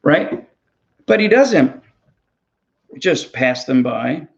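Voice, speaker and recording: A man's voice: fairly high pitch, big pitch swings, extremely slow, creaky, dull audio. A man, a ministry pastor, preaching a sermon in an earnest, conversational way, often repeating words as he goes.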